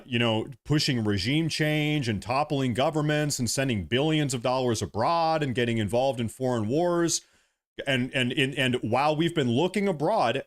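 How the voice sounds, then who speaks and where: Young male streamer, mid-pitch, heated and repetitive political rant, occasional swearing. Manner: passionate ranting, repeats himself, swears. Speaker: political commentator livestreaming. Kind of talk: heated livestream monologue.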